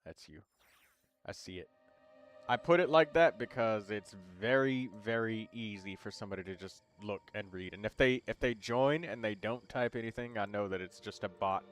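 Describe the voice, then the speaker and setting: Laid-back low-voiced male streamer. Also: normal speed. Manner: relaxed, rambling, with fillers. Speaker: livestream host. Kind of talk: casual livestream chat. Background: game music.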